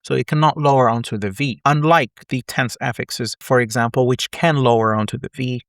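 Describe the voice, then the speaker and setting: A man's voice: medium pitch, fairly even intonation, a little fast, fairly bright tone, dry recording. Man explaining syntax in a dry recording. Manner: explanatory, self-correcting, wry asides. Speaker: linguistics lecturer. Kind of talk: online syntax lesson.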